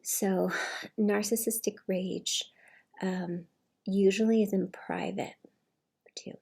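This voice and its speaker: Woman rambling casually, husky, lots of vocal fry, soft almost whispery bits. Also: medium pitch, fairly even intonation, takes it slowly. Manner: rambling, many fillers and restarts, often soft and breathy. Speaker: vlogger. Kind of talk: casual personal monologue.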